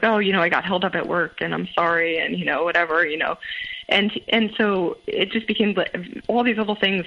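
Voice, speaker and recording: A woman's voice: fairly low pitch, lo-fi sound. A young adult woman recounting her own experience in a casual, hesitant way, full of fillers and restarts. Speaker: guest. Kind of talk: casual personal account.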